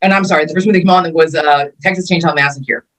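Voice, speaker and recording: A woman's voice: on the low side, fast, poor audio. A woman in her fifties from California, a martial arts instructor telling her life story in a casual interview, acting out the quotes as she goes. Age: 50s.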